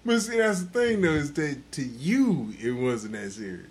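A man hosting a casual podcast, loudly telling a drunk, profane story full of laughter. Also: a little high, very animated, normal speed, slight background noise. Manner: loud, profane, laughing, acts out quotes. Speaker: podcast host.

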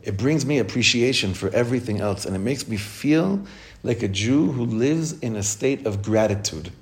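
At a normal speed and in an animated mid-range voice, a rabbi delivers a heartfelt Torah lesson to women. He repeats phrases for emphasis, puts questions to the listeners before answering them, and slips Hebrew terms into his English.

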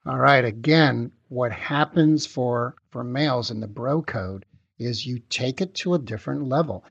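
Middle-aged male presenter, raspy voice, chatty lecturing style, dry muffled recording. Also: medium pitch, a little slow, no echo. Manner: conversational, checks in with "okay?" often. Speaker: webinar presenter. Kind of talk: live webinar lecture. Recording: muffled, lo-fi webinar audio.

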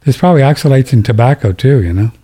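Older male talk radio host, very dark tone, loose and jokey, self-interrupting. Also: mid-range voice, lively intonation, fast, husky. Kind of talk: casual talk radio with ad reads.

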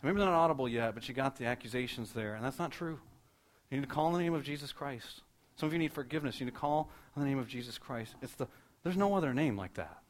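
Fast-talking male pastor preaching. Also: medium pitch, lively intonation. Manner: fast, storytelling delivery that builds to emphatic repeated lines. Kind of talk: sermon.

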